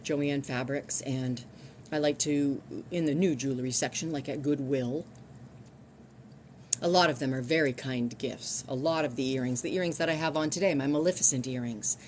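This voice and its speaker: A woman's voice: sits low, a little mellow, slight background noise. A middle-aged woman chatting casually on a live stream from home, rambling and restarting her sentences.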